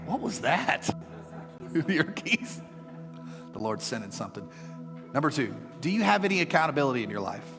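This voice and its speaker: A middle-aged male pastor preaches with an animated, joking delivery, slipping in playful asides. His voice sits fairly high and carries a long reverb from the church hall. Faint music sits underneath. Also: moderate pace, long pauses. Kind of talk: sermon. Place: church sanctuary.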